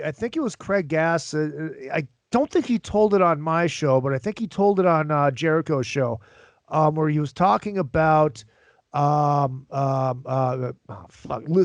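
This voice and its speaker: A man's voice: on the high side, dry recording. Casual man hosting, dry close sound. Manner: loose, casual questions with fillers and swearing. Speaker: podcast host. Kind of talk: casual chat.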